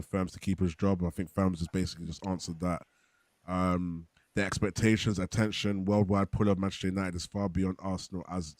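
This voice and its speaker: A man's voice: sits low, no echo. A man hosting a casual football fan show, reading out viewer comments and giving his views. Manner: relaxed, reads viewer comments aloud. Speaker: football podcast host.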